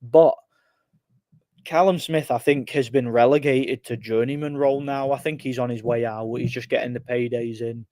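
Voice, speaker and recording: Man, livestream host, casual rambling chat, average pitch, dry recording. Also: fairly even intonation, moderate pace, a little mellow, dry recording. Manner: rambling, frequent word repeats and fillers.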